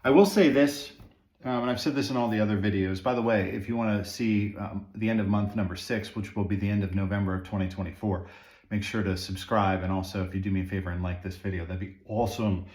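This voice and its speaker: Fast and a little mellow, this fairly low, steady voice belongs to a beard-grooming vlogger trimming his own beard at home. He chats casually with viewers, rambling with fillers and asides, in an echoey room.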